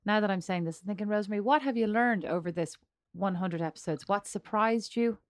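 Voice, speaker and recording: A woman's voice: mid-range voice, a little fast. A middle-aged woman with an Irish accent co-hosting a podcast in casual chat, teasing and rambling, laughing often. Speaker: podcast co-host.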